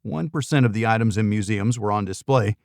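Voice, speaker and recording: A man's voice: fairly quick, gravelly, dry recording. A man narrating a first-person thriller audiobook with a dry, wry delivery. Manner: dry, wry delivery, lifting pitch for dialogue.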